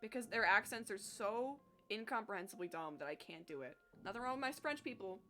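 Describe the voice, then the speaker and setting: A young woman chats with her stream audience as she works on a drawing. Her voice sits at an ordinary middle pitch, loose and talkative, with self-mocking asides and casual swearing. Faint music plays underneath. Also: lively intonation, fairly quick. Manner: chatty, self-deprecating, swears freely. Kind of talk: casual livestream chat while reading chat.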